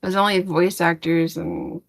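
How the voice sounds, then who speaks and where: A woman's voice: fairly low pitch, level tone, moderate pace, creaky. A woman co-hosting a podcast who rambles through a casual, exasperated rant, full of fillers and restarts, with blunt swearing. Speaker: podcast co-host.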